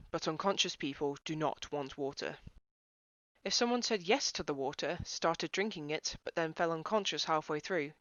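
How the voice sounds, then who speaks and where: A woman hosting a cabaret, delivering a brisk, deadpan comic explainer monologue. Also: on the low side, dry recording. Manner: brisk, deadpan explaining with exaggerated quoted voices. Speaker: cabaret host. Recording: dry, dull lo-fi sound.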